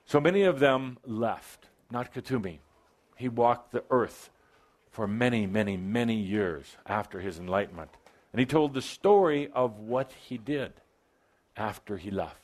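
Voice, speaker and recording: A man's voice: mid-range voice, expressive, a little slow. A man delivers a spiritual talk to a gathered audience in a mid-range voice. He slips in wry, playful asides and breaks into sudden emphatic bursts. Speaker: channeler speaking to a live audience. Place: event hall with live audience.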